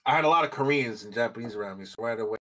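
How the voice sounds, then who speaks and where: A man's voice: medium pitch, racing, fairly bright tone. A man from New City, a podcast guest talking bluntly in street slang. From New York City. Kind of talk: casual chat.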